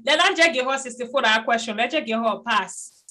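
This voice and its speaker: Woman, from Liberia, podcast co-host, bright voice, fairly high pitch, chatty, teasing, casual chat. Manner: lively, chatty, quick to tease.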